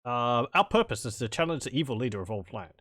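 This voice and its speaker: A man's voice: mid-range voice, lively intonation, fast, fairly bright tone, no room sound, clean studio sound. A man casually commenting on a game as he plays, with wry, rambling asides and chuckles. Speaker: let's play commentator.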